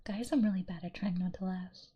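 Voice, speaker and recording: A young woman streamer reading chat aloud in a soft, giggly whisper, in a whispered role-play style. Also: on the low side, fairly even intonation, a little fast, slightly rough, highs cut off.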